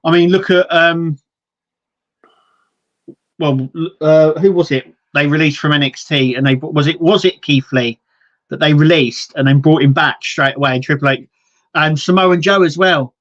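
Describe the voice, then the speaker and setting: A man's voice: fairly high pitch, steady tone, moderate pace, fairly bright tone, dull audio. A man co-hosting a casual wrestling podcast, rambling with lots of restarts and quoted asides. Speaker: podcast co-host.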